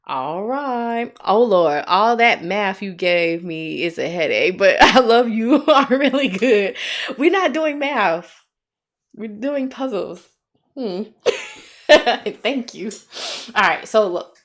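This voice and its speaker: A woman with an Alabama accent leads a live nursing tutoring stream. Her pitch sits in the middle for a woman. She is chatty and encouraging with viewers, then slows down to go through each step. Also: animated. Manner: chatty, encouraging, reads viewer comments aloud; slow, deliberate when working steps.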